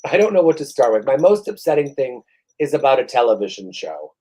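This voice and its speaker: A middle-aged man co-hosting a chat podcast at a mid pitch, venting about whatever set him off this week. His talk is loose, profane and exasperated, full of false starts. He sounds worn out, as if he has been in bed all week. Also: sing-song, fairly quick, dark tone, rough recording. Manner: profane, ranting, exasperated storytelling. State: worn out after a vaccine shot. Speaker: podcast co-host. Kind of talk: casual chat.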